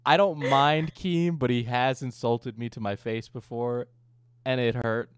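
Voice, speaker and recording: A man's voice: mid-range voice, steady tone, measured pace, clear, resonant tone, no room sound, studio quality. A young man hosting a casual podcast chat, rambling and joking crudely. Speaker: streamer and host.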